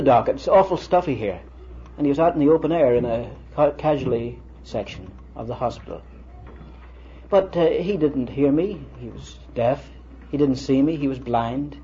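A man's voice: medium pitch, dark tone. An older man giving a lecture-style sermon, telling stories and quoting conversations in a conversational way. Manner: storytelling, conversational, quotes others in dialogue. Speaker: preacher lecturing. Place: lecture hall with students. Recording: dull lo-fi vintage recording with faint hiss.

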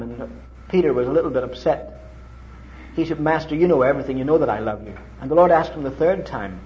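A middle-aged man from Ireland preaching a sermon, telling stories with sudden leaps in pitch and emphasis. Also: slight background noise. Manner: animated storytelling with dramatic pitch leaps. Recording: muffled old lo-fi recording.

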